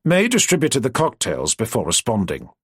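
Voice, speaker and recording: Man, audiobook narration, husky, very animated pitch, dry close sound. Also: normal speed, no room sound.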